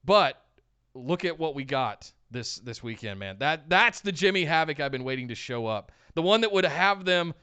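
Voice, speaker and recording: A man's voice: a little high, expressive, normal speed, sharp tone, clean tone. A man co-hosting a wrestling podcast, chatting casually as an eager fan. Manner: eager fan, easily fired up. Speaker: podcast co-host.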